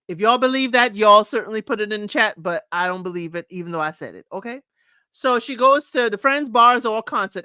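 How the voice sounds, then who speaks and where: A woman hosting a live reality-show recap, sassy and animated, laughing often and mimicking the cast. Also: medium pitch, brisk, no room sound. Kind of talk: live recap chat to viewers.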